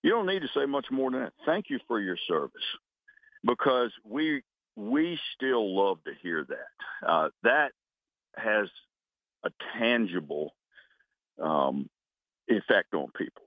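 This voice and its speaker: A man in his sixties, a retired military officer, giving earnest, halting interview answers over a phone call and closing each one with "over". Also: mid-range voice, animated, no room sound. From United States. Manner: earnest, halting, frequent restarts, says "over" after answers. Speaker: retired Coast Guard vice admiral, guest. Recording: tinny phone line.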